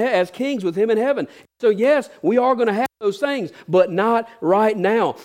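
A man preaching a sermon, lively and playful, slipping into sarcastic asides and dropping quiet at times. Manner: varies volume, dropping low for quiet asides. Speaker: pastor.

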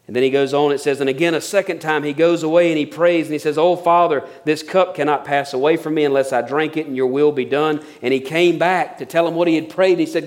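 A male pastor preaching a sermon in a folksy, animated way, with colloquial asides and acted-out quotes from scripture. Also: fairly high pitch, fast, hardly any pauses.

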